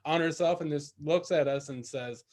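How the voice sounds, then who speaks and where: A man's voice: on the high side, a little mellow. Man rambling through a story. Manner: rambling, halting anecdote with restarts and laughter. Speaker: podcast co-host. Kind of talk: casual storytelling.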